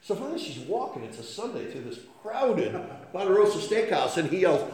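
A man's voice: sits high, big pitch swings, a little fast, reverberant, a crowd in the background. A man preaching a sermon, often checking in with his listeners by asking "okay?", and telling homespun stories. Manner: folksy, storytelling, frequent "okay?" check-ins.

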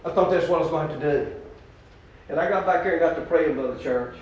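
A man preaching a testimony sermon, swinging from shouts to hushed talk. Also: on the high side, fast, muffled recording. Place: church hall. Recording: echoey hall from far off.

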